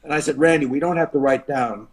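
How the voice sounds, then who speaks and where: An older man recounts an old match as a podcast guest, his voice sitting slightly high. He acts out the other people in the tale, dropping to a hush and then bursting out loud. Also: quick pace. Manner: acts out voices of others in his stories, dramatic shifts in loudness. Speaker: podcast guest, retired wrestler. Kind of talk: animated storytelling.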